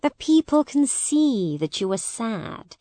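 A woman's voice: a little high, sing-song, slow, dark tone, dry recording. Formal royal official in a storybook, anxious and pleading, read by a woman. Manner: formal, worried.

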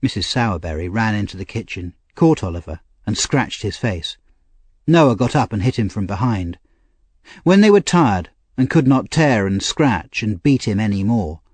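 A low-pitched man with a slightly husky voice reads a story aloud in a measured, expressive way. His pitch moves lively up and down, and the sound is dry and close. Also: no echo. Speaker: narrator. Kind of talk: audiobook narration.

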